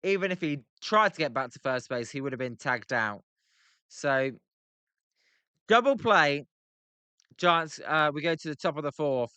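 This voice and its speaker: A bright, clean-sounding young man with a British accent, talking close to a dry mic. He chats loosely with his viewers as he follows a baseball game, teasing them about how words are said. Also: fairly high pitch, moderate pace, clear, resonant tone, no echo. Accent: British English. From Britain. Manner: chatty, banters with chat, plays with pronunciations. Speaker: livestream host reacting to a baseball game. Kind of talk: casual live-stream commentary, reading chat.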